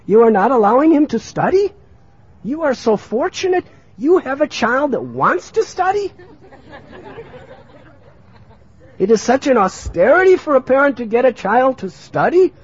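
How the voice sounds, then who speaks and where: A man voicing a crowd of indignant village parents who scold a mother in a shrill, insistent way, on a muffled lo-fi recording. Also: very animated, moderate pace, husky, exaggerated voice.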